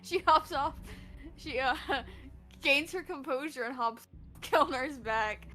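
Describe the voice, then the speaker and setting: A woman's voice: high-pitched, slow, bright, forceful tone, faint music behind. A woman playing her character in a tabletop game, casual and giggly. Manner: giggly, laughs often. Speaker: player.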